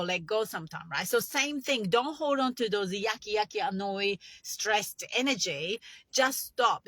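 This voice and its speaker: A woman's voice: mid-range voice, fairly bright tone, no room sound. A woman meditation coach speaking in a chatty, instructional way, with phrasing, guiding the listener through breaths. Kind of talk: casual instructional talk.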